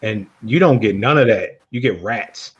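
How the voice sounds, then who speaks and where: A man's voice: on the low side, lively intonation, moderate pace, slightly rough, muffled recording. A man from the Detroit area hosting a casual podcast chat, telling stories with lots of laughter and swearing. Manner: storytelling, laughs often, swears freely. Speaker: podcast host.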